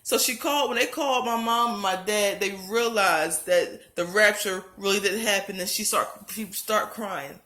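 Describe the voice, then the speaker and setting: A woman vlogger gives emotional testimony to camera about a religious dream, her heart racing and close to tears. Earnest and pleading, she repeats herself and restarts often. Her mid-range voice is bright and forceful at normal speed with hardly any pauses, and the sound is roomy.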